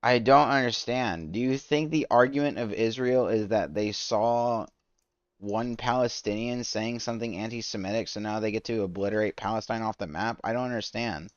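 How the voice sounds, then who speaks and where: Exasperated low-voiced man ranting at a stream. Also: moderate pace, clear, resonant tone, no room sound, highs cut off. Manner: exasperated, rambling rant with many restarts. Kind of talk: casual live-stream reaction commentary.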